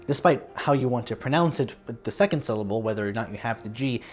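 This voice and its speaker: A man's voice: mid-range voice, animated, quick pace. A man hosting a music history lesson, reading a scripted narration with dry, wry asides. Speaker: music history video host.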